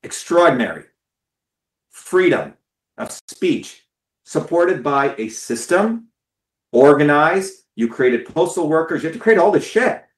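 A man's voice: on the high side, sing-song, measured pace, roomy sound. A man giving an impassioned, profane talk to his followers, stressing and repeating words. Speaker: political speaker.

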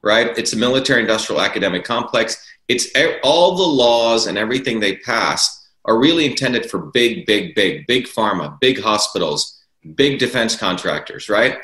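A man's voice: fairly low pitch, lively intonation, moderate pace, sharp tone. A man arguing his political views as an interview guest, emphatic and repeating key words for stress. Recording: roomy echo.

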